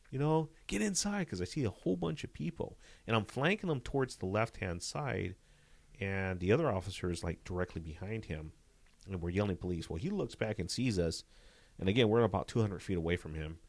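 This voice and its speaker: A man, a police detective, telling a story in a casual interview, animated and full of "you know" fillers. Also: low voice, fairly quick, dry recording.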